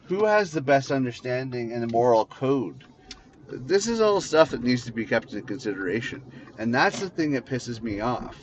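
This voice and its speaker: Canadian guy ranting and cussing from his car, muffled lo-fi sound, faint road hum. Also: medium pitch. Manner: angry, profane, repetitive ranting. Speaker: podcast host. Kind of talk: unscripted ranting monologue. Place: inside a car, driving. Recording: dull lo-fi with faint car noise.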